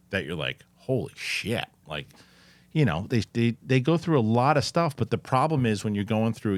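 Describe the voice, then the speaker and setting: A man with a fairly low voice rambles animatedly through his points, stopping and restarting as ideas tumble out. The sound is dry and close, with no room echo. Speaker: host. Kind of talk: casual chat.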